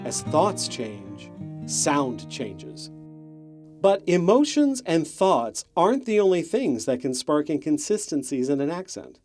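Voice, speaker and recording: A man reading scripted documentary narration in a measured, explanatory tone. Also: a little high, very animated, a little mellow. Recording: narration over guitar music.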